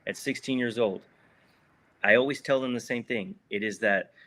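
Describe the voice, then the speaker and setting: A man's voice: mid-range voice, normal speed, bright, forceful tone. A man giving a heartfelt, reflective answer as an interview guest, earnest and repeating words for emphasis. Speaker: guest, former prisoner.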